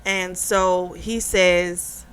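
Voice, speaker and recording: A young adult woman who hosts a book club, retelling a novel's plot in casual, animated chat. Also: on the low side, very slow, a little hiss or hum. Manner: chatty, animated retelling with quoted dialogue and laughs.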